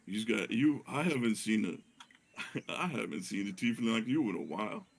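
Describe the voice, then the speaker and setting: A man voicing an enormous, laid-back male furbolg druid with a slow, hippie-style drawl. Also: on the low side, animated, creaky, husky, heavily acted. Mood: mellow.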